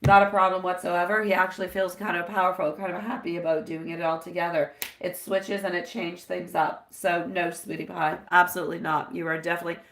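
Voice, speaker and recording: A woman's voice: fairly low pitch, level tone, fairly quick, vocal fry, hardly any pauses, a bit bright. A woman doing a live-stream tarot reading, chatty and affectionate, dropping Italian phrases as she answers viewers. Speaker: tarot reader.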